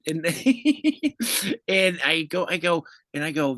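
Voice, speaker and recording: A comedian in casual podcast chat, an animated storyteller who swears and laughs a lot. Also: male voice, a little high, unhurried, heavy background noise. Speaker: comedian guest.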